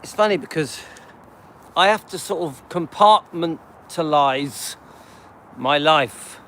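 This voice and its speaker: A man's voice: on the high side, takes it slowly, sharp tone, a little hiss or hum. A middle-aged man, chatting casually to his viewers on a live stream while he walks his dog along a street, rambling with loose asides and many ums. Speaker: channel host. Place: outdoors on a residential street, walking a dog.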